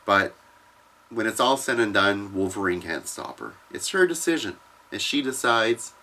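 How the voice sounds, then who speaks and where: Animated, foul-mouthed man retelling a comic story. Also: on the low side, normal speed. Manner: profane, animated, acts out characters' lines. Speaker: comics explainer.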